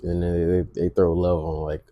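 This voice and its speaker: A man's voice: sits low, level tone, brisk, mellow, dry recording, clean studio sound. A man co-hosting a casual chat, mostly agreeing and chiming in.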